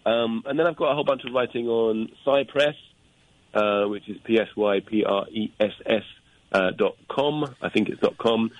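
Man, deep voice, guest author, rambling, filler-heavy. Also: moderate pace, dry recording, dull audio. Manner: rambling, plugs books with many fillers. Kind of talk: casual radio interview.

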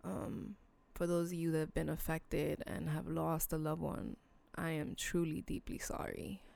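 With a low, creaky, somewhat dark voice, a woman speaks in a level, unhurried tone as she hosts a solo podcast. She talks to her listeners bluntly and earnestly, casual and emotional, swearing now and then and making sincere, heartfelt appeals.

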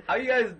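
A man's voice: very high voice, a bit bright, voice pushed up, exaggerated voice. A man voicing a laid-back, cheerful old forest man who calls everyone "man".

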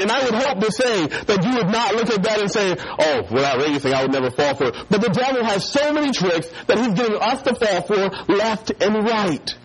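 Lively male preacher telling a story. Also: sits high, a little fast, hardly any pauses, low-quality recording. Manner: animated storyteller who acts out voices. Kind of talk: sermon with a childhood story.

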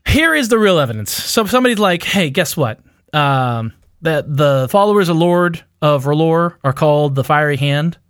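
A man's voice: on the high side, lively intonation, normal speed, a bit bright, no room sound, clean studio sound. A man co-hosting a casual chat, rambling through a theory with lots of fillers and self-mocking laughs. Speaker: podcast co-host.

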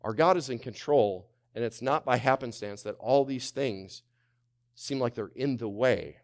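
Preaching in an unhurried, mid-range voice, this male pastor moves from loud passages to hushed ones. He poses rhetorical question after rhetorical question and urges the congregation to answer.

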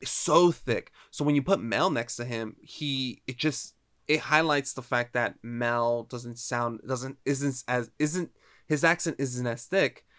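A man's voice: mid-range voice, unhurried, fairly bright tone. A man co-hosting a casual film podcast, giving emphatic opinions and incredulous reactions.

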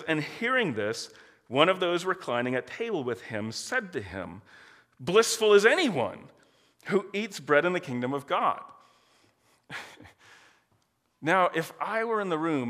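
A man preaching a sermon with a bright, fairly high voice that swings widely up and down as he talks. His manner is casual and conversational, and he laughs often. The sound rings with the long reverb of a large hall.

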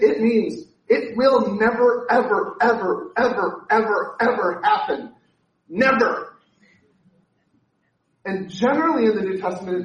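A male pastor preaching a lively sermon, full of joking asides and repeated words. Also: sits high, distant mic. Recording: echoey room, speaker away from mic.

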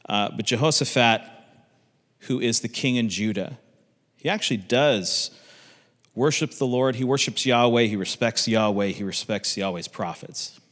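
A man's voice: medium pitch, moderate pace, a bit bright. A man giving a casual Bible teaching, telling the story conversationally with asides. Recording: long reverb.

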